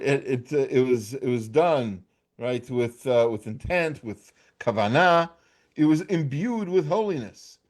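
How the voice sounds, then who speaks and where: An American man teaches an informal Torah class in a voice on the high side and a little mellow. He talks conversationally, often restarting his sentences and checking in with "right?"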